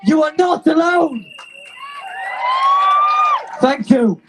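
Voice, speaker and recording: A young man, a student activist, giving an impassioned, defiant speech to an outdoor rally, shouting and out of breath. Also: very high-pitched, expressive, drawn-out words, over a noisy crowd, very noisy. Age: young adult.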